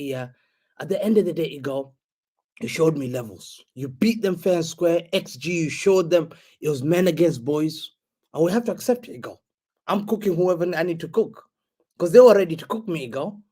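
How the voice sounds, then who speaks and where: A young man co-hosting a football podcast, chatting in casual banter, excitable and teasing, laughing often. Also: high voice, breathy edge.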